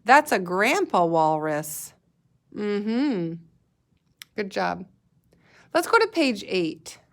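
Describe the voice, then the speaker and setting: A woman teacher guiding young children through a reading lesson at an unhurried pace. She sounds out letters and words carefully and patiently, in a mid-range voice. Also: mid-range voice, sing-song, a bit bright. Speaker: elementary school teacher.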